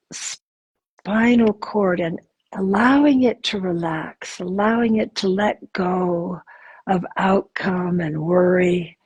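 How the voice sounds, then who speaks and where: A woman hosting and leading a gentle guided body exercise, speaking softly and soothingly, with sighs and whispered phrases. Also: medium pitch, breathy edge, no room sound, poor audio. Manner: soft, slow, soothing, with sighs and whispered affirmations.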